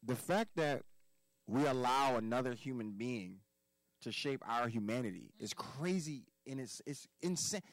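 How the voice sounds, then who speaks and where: A man's voice: medium pitch, animated, measured pace, no room sound, rough recording. A man from Philadelphia, a podcast guest giving life advice in casual conversation, emphatic and profane, hammering points home by repeating words.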